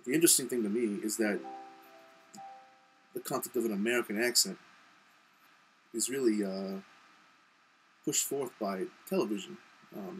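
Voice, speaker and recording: A man's voice: on the low side, rough recording. A young man from Montana talking casually to his camera in a reply vlog, rambling with lots of ums and you-knows. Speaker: video blogger.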